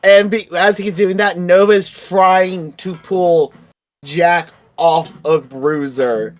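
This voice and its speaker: A player narrates their wrestler's actions in a tabletop game with animated, rambling storytelling. The voice sits in a middle pitch and is full of fillers and restarts. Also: slow. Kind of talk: casual tabletop role-play narration.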